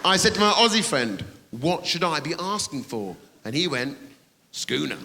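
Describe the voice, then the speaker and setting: Brash comedian in a big theatre. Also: male voice, on the high side, very animated, moderate pace, pushed and bright. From England. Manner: brash, swearing, teasing the audience. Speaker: stand-up comedian. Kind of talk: stand-up comedy set. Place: large theatre, live audience. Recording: reverberant theatre with audience noise.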